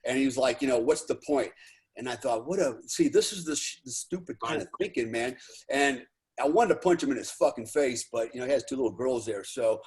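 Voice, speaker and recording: A man from the United States talks loosely and at length, his sentences wandering and restarting. He swears freely and leans on "you know" in nearly every breath. His voice sits at an ordinary middle pitch. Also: animated, a little fast, a little mellow. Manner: rambling, heavy use of "you know", profane. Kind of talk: casual chat.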